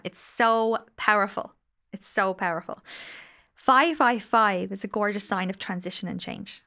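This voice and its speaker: A woman's voice: medium pitch, unhurried, pushed and bright. A woman in her late thirties, a podcast guest and angel healer, telling stories in an effusive, emotional way. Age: late 30s. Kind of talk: casual podcast conversation.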